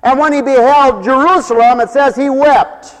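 A man preaching a sermon, swinging between raised declarations and low, quiet asides, sometimes acting out what people say. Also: fairly even intonation, moderate pace, big-room sound. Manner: mimics people in dialogue.

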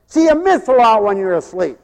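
A man preaching a sermon in an animated way, swinging from loud bursts to low mumbles. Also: brisk, vocal fry, long reverb tail.

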